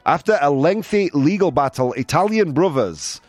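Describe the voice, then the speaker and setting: A British man hosts a casual live-stream chat, reading out viewer comments sarcastically and laughing at his own jokes in a chatty way. His medium-pitched voice swings widely in pitch at a measured pace, with no echo, soft background music, and an air conditioner running in the room.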